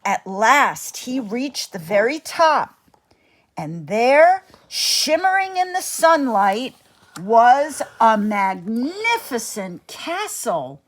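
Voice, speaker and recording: A woman reading a bedtime story aloud in an expressive, dramatic way. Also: a little high, very slow.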